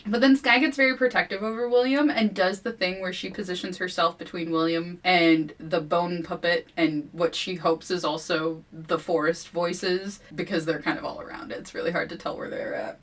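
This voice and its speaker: A woman's voice: on the low side, fairly bright tone. A woman hosting a podcast, recapping a book with sarcastic asides and swearing. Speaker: podcast host. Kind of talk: casual book discussion.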